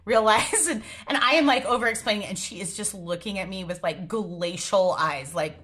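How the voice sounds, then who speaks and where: A woman's voice: medium pitch, moderate pace, heavy background noise. A woman telling a story to her phone camera from a parked car, laughing to tears and giggling through her words. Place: parked car in a grocery store lot.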